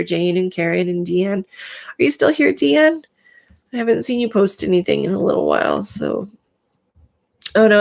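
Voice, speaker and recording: Woman chatting on her live stream, lots of "like", kinda gravelly fry, says she's in pain today. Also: fairly low pitch. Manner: chatty, many "like" fillers, talks to chat viewers by name. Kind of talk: casual live stream chat.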